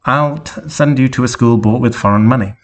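A man voicing a villainous female robot head who shouts pompous insults, in a read-aloud fan story. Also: mid-range voice, fairly quick, natural voice. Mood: hostile.

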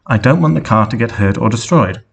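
A man's voice: mid-range voice, animated, fairly quick, gravelly, husky. Gullible wide-eyed boy voiced by a man, wondering tone, storybook read. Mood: amazed. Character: naive young human boy, easily amazed.

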